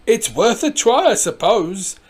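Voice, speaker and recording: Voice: medium pitch, very animated, measured pace, husky, pitched above the performer's own voice. A storybook reader voicing a practical woman doctor who coaxes a cat. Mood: coaxing.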